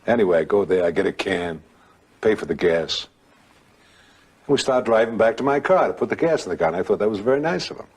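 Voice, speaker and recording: An older man telling a ghost story in a rambling, conversational way, with dramatic pauses and acted-out quotes. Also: fairly low pitch, expressive, breathy edge.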